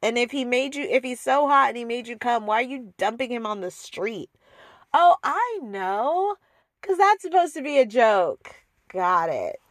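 A woman's voice: on the high side, very animated, normal speed, dry recording, studio quality. A woman hosting a podcast, ranting sarcastically about a TV show with exasperated asides and laughs. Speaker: podcast host reviewing a TV show. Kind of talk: casual ranting review.

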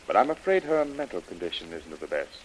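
An actor playing a grave hospital doctor, calm and clinical, in a hissy old radio drama. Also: male voice, low voice, fast talker, rough recording. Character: grave hospital doctor, middle-aged man. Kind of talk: 1930s radio drama acting.

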